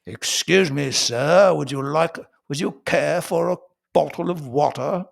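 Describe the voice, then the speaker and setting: A man voicing a posh, upper-class British waiter who is overly polite and crisply precise. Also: a little high, measured pace, heavily acted.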